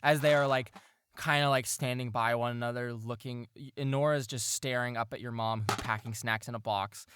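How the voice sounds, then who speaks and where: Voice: mid-range voice, steady tone, normal speed, noisy background. A game master narrating a tabletop game, rambling with lots of fillers and frequent laughs.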